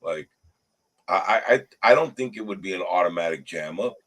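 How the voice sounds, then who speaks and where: A man's voice: deep voice, moderate pace, poor audio. A man hosting a casual recovery group chat, talking earnestly with stumbling restarts. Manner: earnest, stumbling restarts, rises sharply when animated. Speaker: show host.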